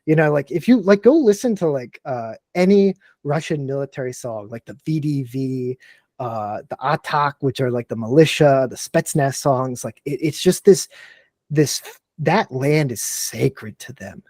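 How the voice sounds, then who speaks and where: An animated man talks through a podcast in a dry, close room. He leans hard on his points, scatters "like" through every sentence and swears without a second thought. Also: medium pitch, unhurried, no room sound. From Texas and Tennessee, USA. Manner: animated, emphatic, fills speech with "like", swears freely. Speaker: podcast guest, military veteran. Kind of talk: casual chat.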